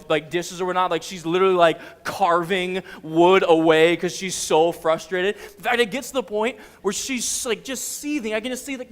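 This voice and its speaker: A man's voice: high voice, in a large hall. A man who is a youth ministry director, preaching a casual, chatty sermon in a church and acting out the story. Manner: chatty, animated, full of filler words. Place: church sanctuary.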